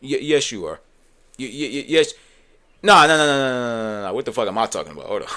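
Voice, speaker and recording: A man giving profane reaction commentary, heated and swearing, with sudden loud outbursts. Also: mid-range voice, big pitch swings, quick pace.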